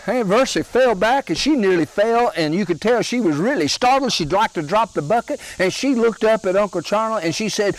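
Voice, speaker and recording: A man telling comic family stories in a slow, folksy, drawn-out way. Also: sits high, animated, no echo, poor audio. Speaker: storyteller comedian.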